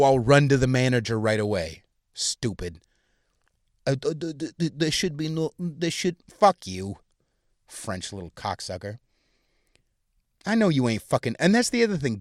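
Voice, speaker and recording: A young man rants crudely on his own podcast, swearing constantly and getting worked up as he goes. His mid-pitched voice sits close to the mic in a dry, dead room with no echo. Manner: profane, ranting, heated. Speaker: podcast host. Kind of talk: crude solo comedic rant.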